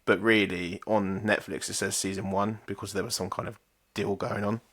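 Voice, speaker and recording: Low, bright-toned guy explaining things. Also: level tone, normal speed. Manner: chatty, explains at length, swears casually. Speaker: podcast co-host. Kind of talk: casual chat.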